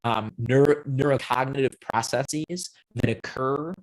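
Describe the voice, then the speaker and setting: A man speaking as a guest on an online panel, his voice sitting in an ordinary middle register. He explains things in a measured, step-by-step way. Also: medium pitch, low-quality recording. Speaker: guest, app co-founder. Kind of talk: panel discussion.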